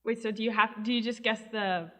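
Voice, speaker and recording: A woman's voice: a little high, fairly even intonation, a little fast, a bit bright. A young woman answering as a party contestant, giggly with short replies. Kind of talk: casual chat.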